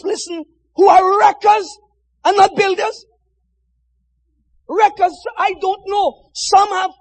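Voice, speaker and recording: High-voiced impassioned male preacher. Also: in a large hall, low-quality recording. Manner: impassioned, swinging from shouts to near-whispers. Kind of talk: sermon.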